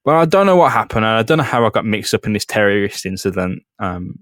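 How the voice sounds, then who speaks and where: A man's voice: fairly low pitch, expressive, fast talker, fairly bright tone, dry recording, clean studio sound, pitched below the performer's own voice. A man putting on a confused, polite young male superhero who hesitates and says um a lot.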